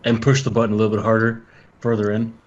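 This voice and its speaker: A man playing a tabletop game, relaxed and thinking aloud. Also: on the low side, fast, muffled recording. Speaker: player. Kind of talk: casual tabletop game play.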